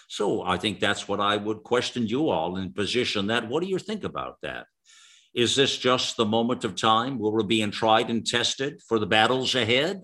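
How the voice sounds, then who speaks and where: A man's voice: fairly low pitch, expressive, moderate pace, pushed and bright. A middle-aged man hosting a talk radio show, speaking in an earnest, rambling way full of restarts and fillers.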